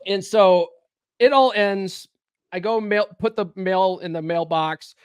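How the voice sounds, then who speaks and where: A man's voice: high-pitched, a little slow, smooth, no room sound. A man hosting a podcast, telling a profane story in casual chat. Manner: profane storytelling, acts out shouting. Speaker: podcast host.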